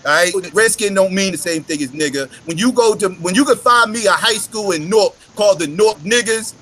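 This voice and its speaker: A man's voice: high-pitched, fairly quick, fairly bright tone, a little hiss or hum, low-quality recording. A man hosting a live discussion, ranting emphatically and swearing a lot. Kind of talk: casual chat.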